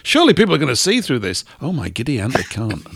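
A man hosting a casual talk show from a studio, telling stories in an animated, wry and emphatic way. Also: mid-range voice, fast, vocal fry, breathy edge, dry recording. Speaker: radio host. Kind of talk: casual chat.

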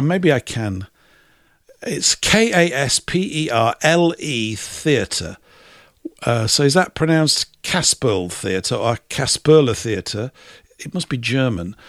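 A man's voice: medium pitch, dry recording, studio quality. A man hosting a casual podcast chat, talking in a chatty way, laughing often and reading out viewer comments. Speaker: host.

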